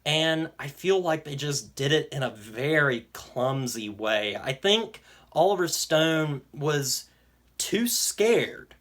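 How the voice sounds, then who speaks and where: Young male reviewer, slow deliberate pace and bright edge, casual earnest commentary. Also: on the high side, lively intonation. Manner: enthusiastic, earnest, with frequent "um" pauses. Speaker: film reviewer. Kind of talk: casual spoken film review.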